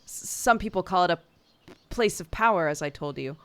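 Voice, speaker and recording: A woman's voice: on the low side, expressive, normal speed, fairly bright tone, smooth. A woman reading an earnest, stammering young man. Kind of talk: reading game dialogue aloud.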